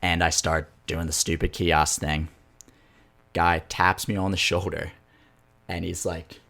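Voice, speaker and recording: A young man with a very low voice tells a long story on a podcast. He rambles and swears freely, in a loose, casual chat. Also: flat delivery, measured pace, creaky, sharp tone. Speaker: podcast co-host.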